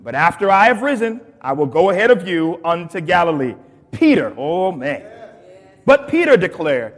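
A man's voice: high-pitched, big pitch swings, moderate pace, long reverb tail. A man preaching as pastor, reading scripture aloud and retelling it in casual slang with chuckles. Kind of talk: dialogue sermon.

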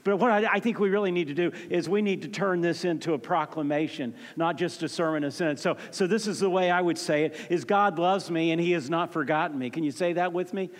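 A man preaching a sermon as pastor, emphatic and fervent, swinging from loud peaks to soft, low passages and often repeating words as he starts a phrase. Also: quick pace, few pauses. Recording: long hall reverb.

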